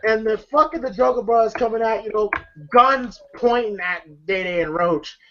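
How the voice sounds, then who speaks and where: A man's voice: high-pitched, normal speed, lo-fi sound, a little hiss or hum. A man hosting a casual film review chat, retelling scenes in a rambling way full of fillers. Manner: rambling, lots of fillers and laughter. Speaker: podcast host, film reviewer.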